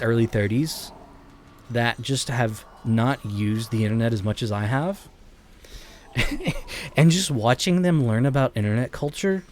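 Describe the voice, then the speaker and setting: A man's voice: medium pitch, darkish tone. Rambling man in his late twenties. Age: late 20s. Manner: rambling, chuckles often, self-interrupting. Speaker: streamer. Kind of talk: casual live-stream chat while gaming. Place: his bedroom at home. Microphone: streaming mic with noise gate.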